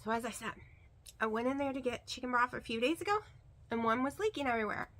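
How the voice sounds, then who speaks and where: A woman's voice: on the high side, fast talker, fairly bright tone, a little hiss or hum. A woman vlogger talking casually to the camera, rambling and emphatic, repeating words for stress. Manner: rambling and chatty, with many fillers.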